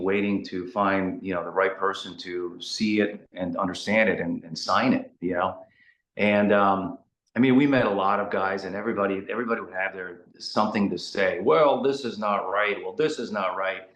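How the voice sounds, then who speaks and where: A man with a low voice tells animated, rambling stories as a guest in a casual interview. He leans on fillers and restarts. The room around him rings with a noticeable echo. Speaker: guest rock singer. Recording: roomy echo.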